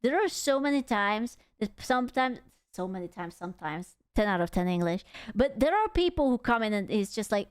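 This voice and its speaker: Woman streamer, playful teasing reaction chatter, slightly high voice, dry close sound. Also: animated, a little fast, clear, resonant tone, no room sound. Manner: playful, teasing, giggly banter.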